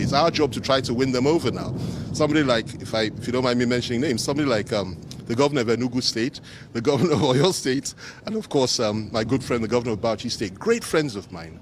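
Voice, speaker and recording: A Nigerian politician, a man, answering reporters in a measured, emphatic way and repeating his key phrases. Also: mid-range voice, animated, background noise. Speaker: politician speaking to the press. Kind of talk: press statement answering reporters.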